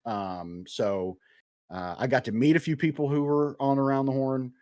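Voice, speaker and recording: A man's voice: medium pitch, steady tone, moderate pace, warm tone, no room sound, studio quality. A young man co-hosting a podcast in casual chat, hesitant and full of ums and uhs. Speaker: podcast co-host.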